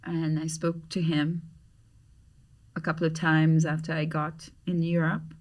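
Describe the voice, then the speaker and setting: A middle-aged woman from Grenada with a Grenadian accent, a podcast guest telling a story in an animated way and acting out the voices she quotes. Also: deep voice, measured pace, recorded from a distance. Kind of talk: storytelling in conversation.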